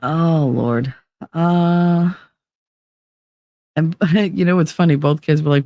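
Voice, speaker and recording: A woman's voice: sits low, takes it slowly, warm tone, no room sound, studio quality. A woman in her fifties hosting a casual livestream chat, blunt and swearing freely, greeting viewers with pet names. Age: 50s. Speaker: livestream host. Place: home.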